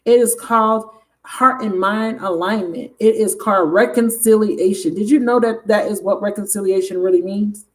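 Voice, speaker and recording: Excitable, swearing woman tarot reader. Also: mid-range voice, moderate pace. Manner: excitable, emphatic, swears freely, addresses viewers directly. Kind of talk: casual tarot reading to camera.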